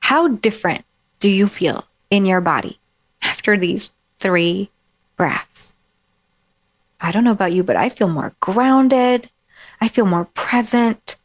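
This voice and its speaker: A woman life coach giving a gentle, encouraging self-help talk and guiding the listener through slow breaths. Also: mid-range voice, animated.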